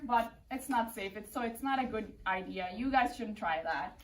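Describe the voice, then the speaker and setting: A woman's voice: mid-range voice, normal speed. A young woman teaching preschool, reading a picture book aloud to her class and keeping order with patient firmness. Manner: patient, firm classroom management with expressive read-aloud. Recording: roomy classroom, mic far off.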